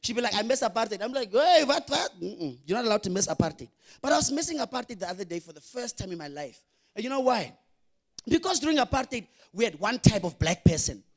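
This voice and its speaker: A young Namibian man performs a stand-up comedy routine on stage. His voice sits very high for a man. He is animated, acts out characters and shouts his punchlines. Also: quick pace. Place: comedy venue with live audience.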